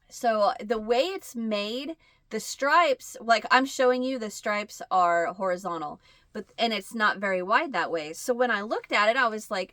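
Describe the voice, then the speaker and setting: A woman with a Midwestern American accent, hosting a crochet channel and telling a rambling story in casual chat, acting out bits of dialogue in a higher voice. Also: a bit bright, dry recording.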